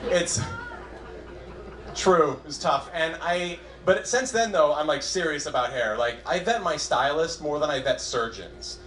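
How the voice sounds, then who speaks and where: A man's voice: a little high, fairly bright tone. Self-deprecating young male stand-up comic. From Southern California. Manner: self-deprecating, halting with restarts. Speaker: stand-up comedian. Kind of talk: stand-up comedy set. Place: comedy club stage with a live audience. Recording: echoey club room, faint crowd ambience.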